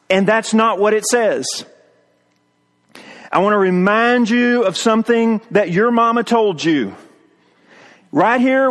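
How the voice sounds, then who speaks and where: A man preaching a sermon, slow and emphatic, leading the congregation in call-and-response. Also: sits high, in a large hall. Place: outdoors on a mountaintop.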